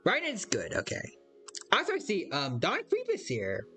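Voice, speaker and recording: A man's voice: high-pitched, huge pitch swings, normal speed, pushed and bright, faint music behind. A man chatting casually on a live stream while playing a game, rambling and hesitant, reading out viewers' chat and greeting them by name.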